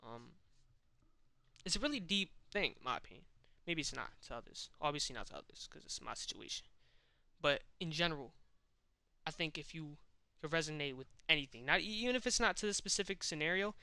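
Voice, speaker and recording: A man's voice: on the high side, expressive, brisk, vocal fry, bright, forceful tone, no echo. A young man talking casually and candidly to camera, in a slangy, self-reflective way. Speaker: vlogger. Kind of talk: casual personal monologue.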